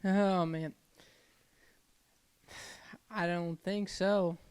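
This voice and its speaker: A man's voice: sits high, fairly even intonation, drawn-out words, a little mellow, clear, resonant tone. A man co-hosting a podcast, reacting with short exclamations and chatting casually. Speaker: podcast co-host. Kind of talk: casual chat.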